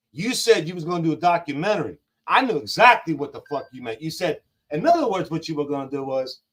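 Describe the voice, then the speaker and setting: A man with a notably high voice rants as a call-in guest, blunt and full of swearing. His points come in rapid-fire jabs. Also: low-quality recording. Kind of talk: heated profane rant.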